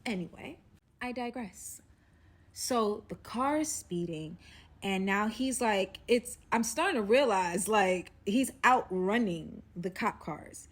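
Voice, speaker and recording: A woman's voice: mid-range voice, takes it slowly. Slangy young woman telling a dramatic story. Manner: dramatic and slangy, swings from hushed to loud. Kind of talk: casual storytime.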